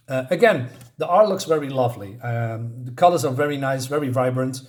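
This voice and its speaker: A man's voice: mid-range voice, fairly quick, darkish tone. Hesitant man reviewing a comic. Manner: hesitant, many ums and restarts. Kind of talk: casual spoken review.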